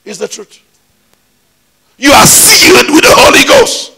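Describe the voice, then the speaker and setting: A man's voice: extremely high pitch, big pitch swings, a little slow, creaky, bright, forceful tone. A man preaching a sermon in a church, emphatic, with call-and-response questions. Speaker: pastor.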